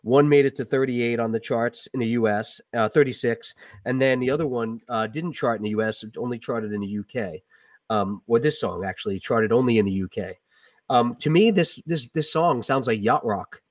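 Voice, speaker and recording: A man's voice: mid-range voice, normal speed, no room sound, distant mic. A middle-aged man, an English teacher, chatting casually about music on a podcast, hesitant with many ums and restarts.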